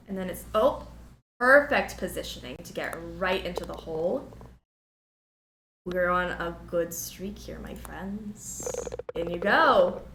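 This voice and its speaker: A woman's voice: mid-range voice, fairly bright tone. Young woman streamer chatting over game music, kinda echoey room, playful. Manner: chatty, playful, repeats herself. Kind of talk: casual gameplay commentary. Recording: roomy sound with game music behind.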